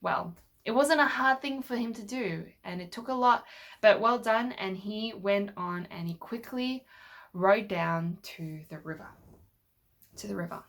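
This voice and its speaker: A woman's voice: medium pitch, unhurried, fairly bright tone. A woman telling a Bible story to children with toy figures, patiently asking them questions as she goes. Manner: patient, asks the listener questions.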